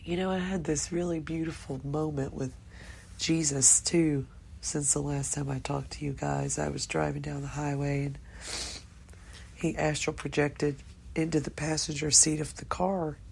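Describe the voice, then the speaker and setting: A woman's voice: deep voice, little pitch movement, moderate pace, vocal fry, darkish tone, a little hiss or hum. An older woman talking to her viewers in a rambling, emotional monologue, swearing casually. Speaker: vlogger.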